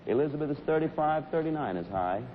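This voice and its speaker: A man hosting a live TV game show, briskly rattling off bid numbers like an auctioneer. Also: a little high, expressive, a little hiss or hum. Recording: dull lo-fi 1960s broadcast.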